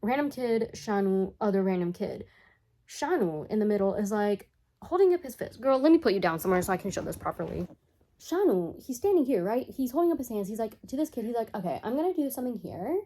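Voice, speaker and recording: A woman giving a casual comedic recap of a cartoon, chatty and sarcastic with animated asides. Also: mid-range voice, fairly quick. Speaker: commentary YouTuber.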